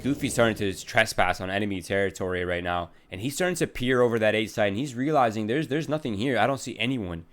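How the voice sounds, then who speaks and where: A male esports caster with a fairly low voice calls the action in a relaxed, bantering way. His calls climb when the play heats up, and faint game gunfire sits under his voice. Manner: casual, bantering, rising to excited calls. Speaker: esports commentator. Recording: game gunfire noise behind. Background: game gunfire and clicks.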